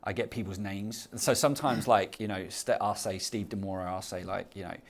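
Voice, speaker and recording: A middle-aged man from Southeast London whose London accent has worn soft. He speaks fairly low and talks in a casual, self-deprecating podcast chat, telling stories with plenty of energy. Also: normal speed. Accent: Southeast London, softened. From Southeast London, England. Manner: self-deprecating, animated storyteller. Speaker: podcast guest, professor.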